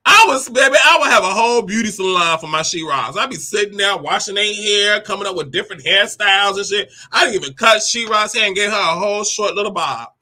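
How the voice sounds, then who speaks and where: A woman in her forties, hosting her own show, tells a personal story in a sassy, animated way. She laughs often, acts out the quoted lines and calls the listener "honey" and "baby". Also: medium pitch, a little fast, hardly any pauses. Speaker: host. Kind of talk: candid personal storytelling monologue.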